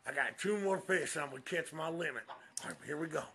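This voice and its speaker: Brief: man playing a brash bass-fishing good ol' boy for a comic vlog; high, bright, gravelly drawl, outdoors on a handheld camera. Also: quick pace, faint music behind. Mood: boasting. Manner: whooping, boastful, drawling country talk. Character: loud excitable country bass fisherman man. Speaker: angler showing his catches. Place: outdoors by the water.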